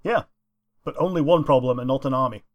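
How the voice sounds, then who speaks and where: A man chatting casually while watching a film, laughing often and chiming in with quick agreement. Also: medium pitch, lo-fi sound. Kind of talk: casual chat reacting to a film.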